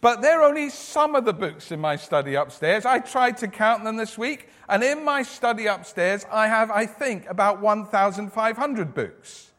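A man giving a lively children's talk in church, asking the children questions as he goes. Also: high-pitched, moderate pace, few pauses. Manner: animated, asks children questions. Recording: echoey church hall.

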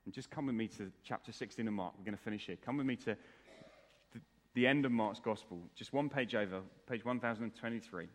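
A man preaching a sermon in church, earnest, moving between hushed, quiet lines and raised, emphatic ones. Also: on the low side, fast. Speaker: pastor. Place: church hall. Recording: reverberant church hall.

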